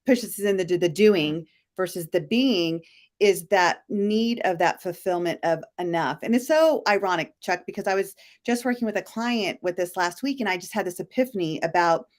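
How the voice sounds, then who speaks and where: A woman's voice: fairly low pitch, moderate pace. Woman co-host, earnest coaching tone, live stream chat. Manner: earnest, coach-like, tells client stories. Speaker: co-host of a live talk show.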